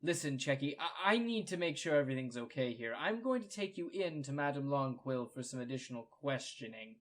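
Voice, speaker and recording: A man's voice: medium pitch, animated, brisk, fairly bright tone, natural voice. A man voicing a stern, suspicious guard with a clipped, fussy manner.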